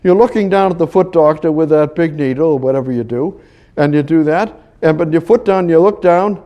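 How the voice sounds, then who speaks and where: High-voiced preacher, animated and halting. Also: male voice. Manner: animated, swings between loud exhortation and hushed low asides; halting restarts and repeated words. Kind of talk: sermon.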